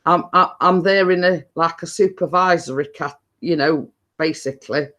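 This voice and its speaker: This live stream host, a middle-aged woman with a low-sitting, fairly bright voice, reads names from the chat at a normal speed. Her talk is casual, full of laughter, and she stumbles over words and starts sentences again.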